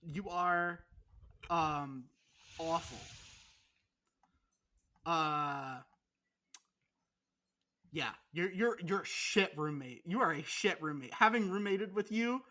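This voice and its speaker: A woman's voice: on the low side, slow, pauses often, pushed and bright. Sarcastic, foul-mouthed young woman. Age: young adult. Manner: profane, sarcastic teasing. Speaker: podcast co-host. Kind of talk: casual chat.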